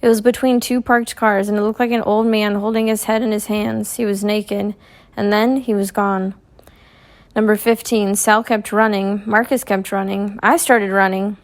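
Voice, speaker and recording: A woman reading a first-person novel aloud in a measured, clear storytelling manner. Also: medium pitch, level tone. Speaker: audiobook reader.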